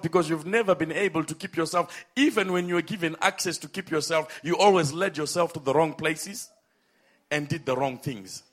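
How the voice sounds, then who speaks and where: Emphatic preacher man, high and bright. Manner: emphatic, drawn-out phrases, calls on the congregation. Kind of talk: sermon.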